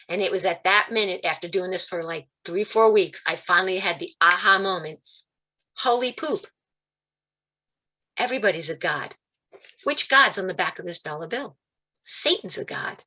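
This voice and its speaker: A woman giving a spiritual talk over a video call, telling stories and acting out quoted voices with big jumps in pitch. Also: moderate pace, sharp tone. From Italian-American, Calabrese roots. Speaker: guest speaker.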